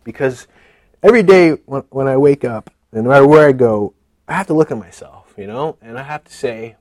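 In a dry recording, a man with an expressive, brisk, slightly mellow mid-range voice gives his church testimony. He speaks earnestly and with emotion, using lots of fillers and letting out nervous laughs now and then.

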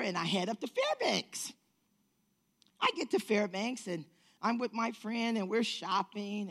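A woman with a husky, slightly breathy voice tells a personal story to a live audience. She acts out every person she quotes, swings her pitch high and low, and breaks into shouts as the tale builds. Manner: lively storyteller acting out quotes, rising to shouts.

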